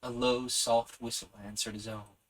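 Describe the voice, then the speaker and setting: A man reading a story aloud as the host of his own podcast. His delivery is soft and measured and sits at an ordinary pitch for a man. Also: level tone, poor audio.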